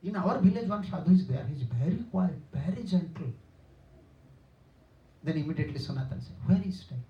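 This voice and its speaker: A man's voice: fairly high pitch, fairly quick, dull audio. Older man preaching in a distant, echoey hall. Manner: simple non-native English, repetitive, animated when quoting characters. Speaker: spiritual teacher giving a lecture. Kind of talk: storytelling sermon. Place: temple hall.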